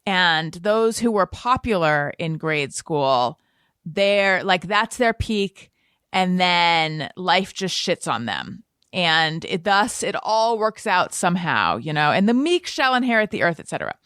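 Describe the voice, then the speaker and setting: Woman podcast host, lively storyteller, self-mocking, dry close sound. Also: fairly low pitch, a little slow, smooth, no echo. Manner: self-deprecating, animated storytelling. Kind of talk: casual chat.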